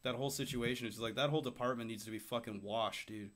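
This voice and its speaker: A man's voice: mid-range voice, steady tone, fast, a bit bright. A man hosting a casual podcast, ranting heatedly and swearing a lot, slipping into quoted voices. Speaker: podcast host. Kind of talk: casual chat.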